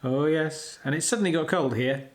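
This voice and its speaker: A man's voice: on the high side, moderate pace. A man co-hosting a casual chat show, rambling along with hesitant restarts and a self-deprecating touch. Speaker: co-host.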